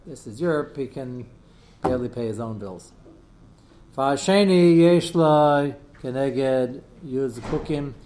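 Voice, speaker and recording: A man's voice: medium pitch, darkish tone. Man teaching a casual Talmud class. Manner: conversational, answers students' questions, drops Hebrew terms.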